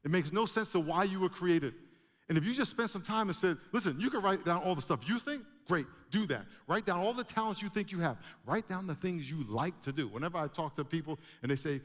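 A man preaching a sermon to a congregation, animated, with emphatic rising bursts. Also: sits high, brisk. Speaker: pastor. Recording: long hall reverb.

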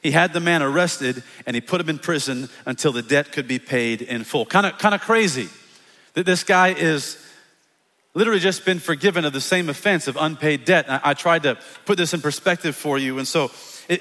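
A male pastor preaching an energetic, animated sermon, acting out quotes as he goes. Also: a little high, brisk. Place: church sanctuary. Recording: long church reverb.

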